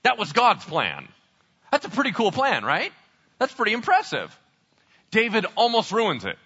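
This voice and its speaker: A man with a high, lively voice preaches with bright, forceful energy, acting out the voices of the characters as he retells the story. The sound is a little dull and lo-fi. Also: normal speed, breathy edge. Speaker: pastor. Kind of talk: sermon.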